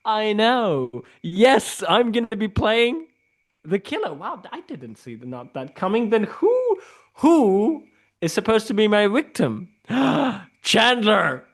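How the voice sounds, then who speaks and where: Lively high-voiced male improviser. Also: slow pace. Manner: animated, jumps between silly put-on characters. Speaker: improv performer. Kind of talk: improvised comedy scene.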